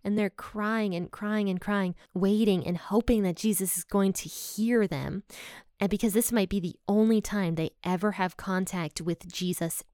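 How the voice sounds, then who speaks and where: A woman's voice: medium pitch, steady tone, normal speed, a little mellow, dry recording, studio quality. A woman teaching from the Bible in a casual, personal, earnest way. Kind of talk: casual devotional talk.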